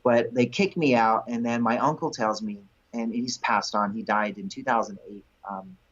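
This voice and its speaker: A man in his thirties, a guest in an interview, telling stories in an animated way and acting out what others said. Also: mid-range voice, moderate pace, slightly rough. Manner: animated storyteller who acts out quotes. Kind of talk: storytelling in an interview. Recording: dull lo-fi recording.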